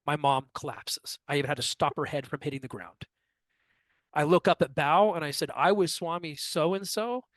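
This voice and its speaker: Middle-aged male interview guest, an animated storyteller with a fairly high voice, recorded dry. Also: brisk, no echo. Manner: lively, acts out others' lines in quotes. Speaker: astrologer guest.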